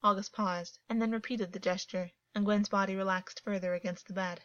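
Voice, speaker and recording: A woman reading fiction aloud as a narrator, calm and even in her storytelling. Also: mid-range voice, fairly quick, no echo. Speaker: audiobook narrator. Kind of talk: scripted narration. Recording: dull, dry, lo-fi.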